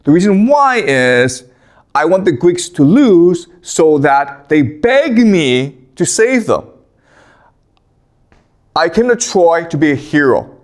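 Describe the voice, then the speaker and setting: A man's voice: on the high side, very animated, slow. A man voicing a proud sulking young warrior. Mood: scheming.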